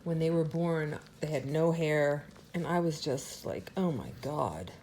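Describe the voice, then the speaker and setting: A woman's voice: lively intonation, a little slow, darkish tone, a little hiss or hum. A woman dog breeder giving an earnest, emotional home update on her puppies. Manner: earnest and emotional, talks to the puppies in a high sing-song. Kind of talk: casual update to camera.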